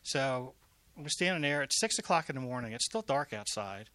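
A man working in prison ministry tells an emphatic, animated faith testimony with repeated phrases. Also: mid-range voice, normal speed, no room sound. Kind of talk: testimony storytelling.

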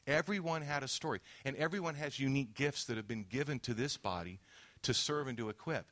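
A man's voice: medium pitch, brisk, a bit bright. A man preaching a sermon, telling a testimony story and acting out the quoted dialogue.

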